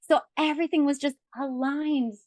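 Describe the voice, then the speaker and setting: A woman's voice: high-pitched, steady tone, moderate pace, darkish tone, no echo. A woman hosting a podcast interview, chatting in a rambling way, full of "like" and "you know". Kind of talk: casual interview chat.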